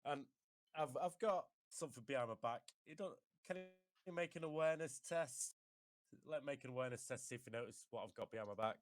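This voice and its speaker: A man's voice: medium pitch, fast talker, dry recording, clean studio sound. A man, playing a tabletop role-playing game in a cheeky, laughing manner with heavy swearing. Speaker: player.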